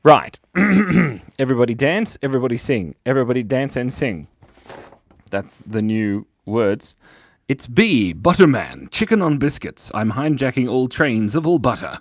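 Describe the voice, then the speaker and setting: A man's voice: medium pitch, big pitch swings, unhurried, dry recording. A man hosting a live drawing stream, chatting casually with viewers in a playful, goofy way, breaking into silly voices and noises.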